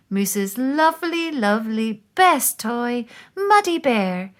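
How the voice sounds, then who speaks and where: A woman with a mid-range voice reads a children's picture book aloud, telling the story slowly and expressively.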